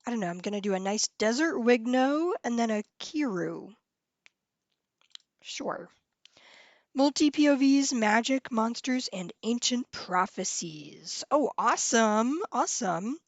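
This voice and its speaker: A young adult woman hosting a casual live stream. She talks with viewers in a bubbly, excitable way, often trailing off, starting over and laughing. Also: fairly high pitch, unhurried, no room sound. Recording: dull lo-fi sound, dry room.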